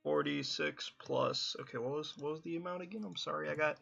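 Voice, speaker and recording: A man's voice: fairly high pitch, a little fast, creaky, fairly bright tone, breathy edge, highs cut off. A man playing a tabletop game online, working out rolls aloud and correcting himself. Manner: counts dice aloud, stumbling and correcting himself. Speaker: player. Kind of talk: casual play chat.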